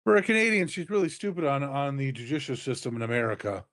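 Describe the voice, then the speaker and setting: A man's voice: medium pitch, sing-song, fast, a bit bright, no room sound, clean studio sound. A man co-hosting a wrestling review in casual chat, blunt and dismissive. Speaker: wrestling show co-host.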